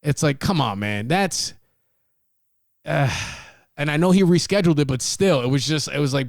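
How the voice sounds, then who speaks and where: A man's voice: a little high, lively intonation, normal speed, vocal fry, no room sound, studio quality. A man hosting a casual solo podcast, talking bluntly and profanely, rambling with restarts. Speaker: podcast host.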